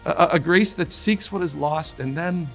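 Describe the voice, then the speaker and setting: A man preaching with earnest emphasis, his voice sitting a little higher than most men's. He stumbles and restarts words as he drives his points home. Faint music plays quietly underneath. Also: moderate pace. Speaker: pastor. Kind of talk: sermon.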